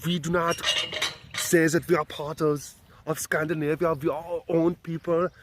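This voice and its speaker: A man's voice: a little high, level tone, normal speed, background noise, close to an everyday voice. A man putting on an indignant Finnish male viewer who protests being called Scandinavian. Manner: huffy, protesting.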